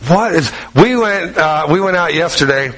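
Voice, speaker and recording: A middle-aged pastor preaching a sermon in a conversational style, using anecdotes, repetition and direct questions to the congregation. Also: male voice, a little high, animated, moderate pace, fairly bright tone, low-quality recording.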